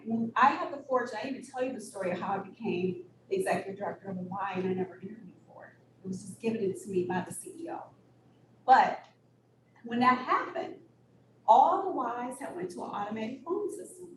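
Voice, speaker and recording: A woman executive director telling candid stories in an interview, blunt and animated, with sudden high-pitched bursts. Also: brisk. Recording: echoey room, distant mic, audible noise.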